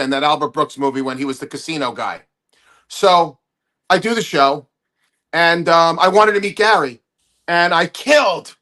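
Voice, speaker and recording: A male comedian spins a long anecdote as a podcast guest. His voice is high and bright. He restarts his phrases often and stays animated throughout. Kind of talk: podcast storytelling.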